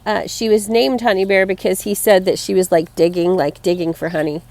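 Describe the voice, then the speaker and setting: A woman speaking straight to her viewers in a relaxed home-video way, with an everyday mid-range voice. She rambles from one thought to the next and laughs softly between them, and she sounds fond and tender when she talks about her pets. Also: mid-range voice, fairly quick, no echo. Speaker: vlogger. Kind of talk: casual personal vlog.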